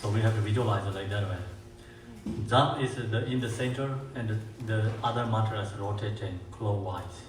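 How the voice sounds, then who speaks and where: A man with as his language gives a dharma teaching as a Buddhist teacher. He talks haltingly, with many fillers and restarts, and slows down to chant mantras. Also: fairly low pitch, steady tone. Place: meditation centre hall. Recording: echoey room, mic far off, faint hiss.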